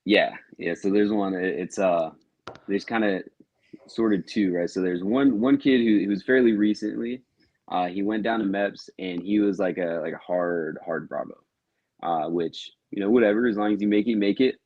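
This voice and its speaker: A man co-hosting a podcast as a Marine recruiter, talking in relaxed, hesitant casual chat. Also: lowish voice, normal speed, dry recording, lo-fi sound. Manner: relaxed, hesitant, many fillers.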